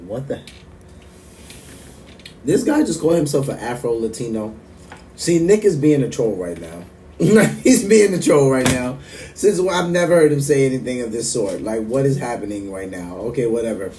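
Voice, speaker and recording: Man, reaction host, incredulous, casual, dark mellow voice, distant mic, faint noise. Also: medium pitch, expressive, moderate pace.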